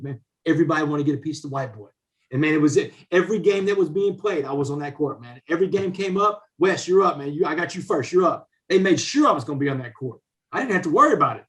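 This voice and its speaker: A man's voice: on the high side, fairly bright tone. A man, a podcast guest telling a story casually and animatedly, saying "man" in nearly every sentence. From Southeast Texas, USA. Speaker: podcast guest, author and speaker.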